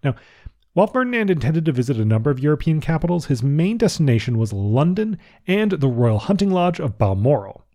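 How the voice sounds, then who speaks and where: A man's voice: a little high, sing-song, fairly quick, warm tone. A man hosting a history podcast, narrating in a casual way with chuckling asides. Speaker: podcast host.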